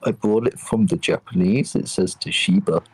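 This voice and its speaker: A man voicing a befuddled male alien calling in from a far planet, with a hesitant, deadpan, oddly literal way of talking. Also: fairly low pitch, moderate pace, slightly rough. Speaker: caller.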